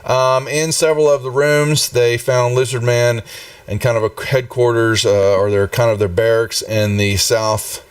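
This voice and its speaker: A man's voice: mid-range voice, steady tone, measured pace, smooth, no room sound, recorded from a distance. A man running a tabletop game on a live stream, rambling with many fillers and restarts. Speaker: game master.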